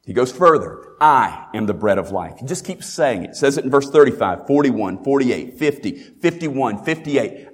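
A man's voice: mid-range voice, sing-song, normal speed, hardly any pauses. A man preaching a sermon as pastor, emphatic, asking rhetorical questions and repeating key phrases. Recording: long reverb in a large hall.

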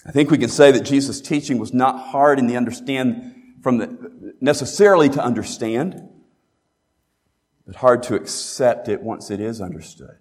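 A man's voice: medium pitch, moderate pace, darkish tone. A man preaching a sermon as pastor, emphatic, asking rhetorical questions and repeating key phrases. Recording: long reverb in a large hall.

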